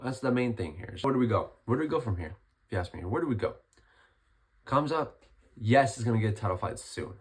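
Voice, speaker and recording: Hoarse young man chatting fight recap. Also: medium pitch, lively intonation, fast. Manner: chatty, rambling, lots of restarts. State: hoarse, recovering from illness. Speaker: MMA commentary vlogger. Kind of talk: casual fight breakdown.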